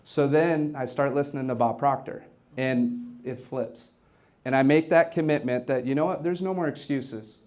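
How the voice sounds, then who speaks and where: Energetic man giving a motivational talk. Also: medium pitch, normal speed, lo-fi sound. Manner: energetic, storytelling, repeats words when excited. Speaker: event host and real estate team leader. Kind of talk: motivational speech to a live audience. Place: office event space with an audience.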